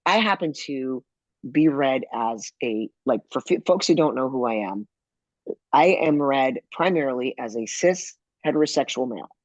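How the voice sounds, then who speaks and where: A man speaking as a podcast guest, telling personal stories in a lively way and acting out the people he quotes. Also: mid-range voice, normal speed, dry recording. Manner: animated, acts out quoted people. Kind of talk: conversational storytelling.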